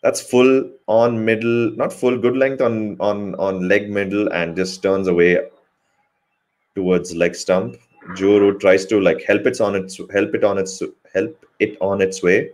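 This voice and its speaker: A man's voice: on the low side, flat delivery, measured pace, darkish tone. A man giving a live cricket commentary hangout, rambling with joking asides and correcting himself mid-sentence.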